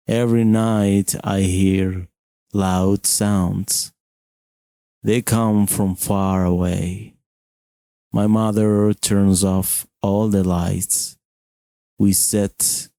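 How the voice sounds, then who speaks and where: Very slow American man narrating a story. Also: low-pitched, mellow, no echo, studio quality. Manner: very slow, clear and simple phrasing.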